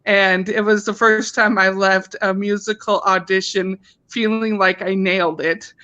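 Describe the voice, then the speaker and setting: A woman's voice: medium pitch, fairly even intonation, a little slow, bright, forceful tone, dull audio. A woman from a show's cast telling a story in an enthusiastic, chatty way during a casual reunion call. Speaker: cast member.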